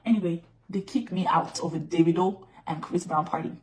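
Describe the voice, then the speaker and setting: A woman's voice: lowish voice, a little fast, distant mic, a little hiss or hum. A woman vlogger telling a personal story to her viewers, repeating phrases for emphasis. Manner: repetitive, emphatic retelling. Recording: roomy echo.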